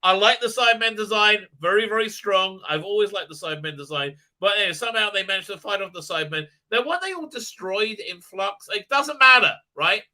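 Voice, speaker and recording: A man with a high, bright, sharply edged voice rambles through a casual episode review. He stumbles over fillers and restarts, and his tone stays dry and sarcastic. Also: animated, fairly quick, few pauses. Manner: mocking put-on voices for characters. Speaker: video reviewer.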